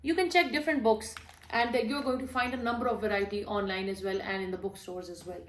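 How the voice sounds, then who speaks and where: A young mother speaks at a medium pitch with fairly even intonation and a slightly fast pace, showing books while offering friendly, explanatory tips on reading to small kids. Her casual talk includes some fillers. The recording has a roomy echo plus a faint hiss or hum.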